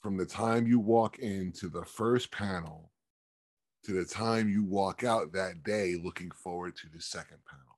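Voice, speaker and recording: A man talking casually as a podcast co-host, explaining things in quick bursts with fillers. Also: sits low, no room sound, clean studio sound. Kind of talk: casual discussion.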